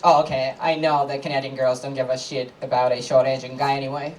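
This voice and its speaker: A man from Japan with a Japanese accent, a native Japanese speaker performing a stand-up comedy set on a live club stage, landing deadpan punchlines with laughing asides. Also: medium pitch, fast talker, recorded from a distance, poor audio.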